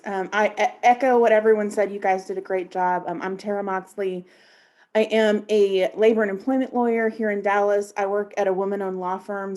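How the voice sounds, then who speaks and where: A woman's voice: medium pitch, darkish tone. A woman, a lawyer judging a mock trial, giving friendly, enthusiastic feedback.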